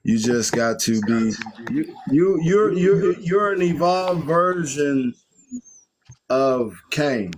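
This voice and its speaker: A man with a slightly high voice leads a live stream and hands out spiritual advice. He talks with firm, instructive confidence, like someone used to being listened to. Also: expressive, slow, crowd noise, rough recording. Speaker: spiritual livestream host.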